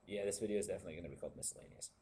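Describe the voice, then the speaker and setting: A young man rambling casually to his webcam with many pauses and fillers. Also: low-pitched, warm tone, a little hiss or hum. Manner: meandering, unscripted, many fillers. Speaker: vlogger.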